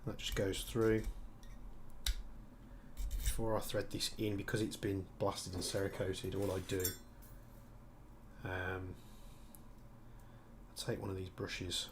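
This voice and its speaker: Against a noisy background, a Birmingham man who streams airsoft tech talks slowly in a low, flat voice, pausing often. He's casual and chatty, explaining what he's doing as he builds and fields viewer questions on a live stream.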